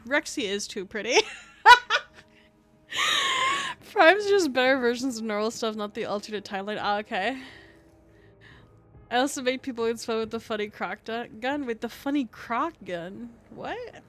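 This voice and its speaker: A woman with a fairly high, lively voice streams a game, talking a little slowly and pausing often. She's tired, her throat scratchy, and her casual chatter rambles with fillers, open swearing, and self-deprecating humor.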